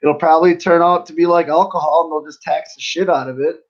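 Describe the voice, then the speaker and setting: A man, a pro wrestler, chatting casually as a podcast guest, laid-back and quick to laugh, with lots of "you know" in his talk. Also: a little high, fairly even intonation, muffled recording.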